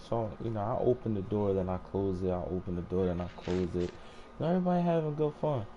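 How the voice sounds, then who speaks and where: A man's voice: mid-range voice, expressive, brisk, warm tone, lo-fi sound, slight background noise. Young man, gaming host, casual slang, swearing, heated rant. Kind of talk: casual gameplay commentary.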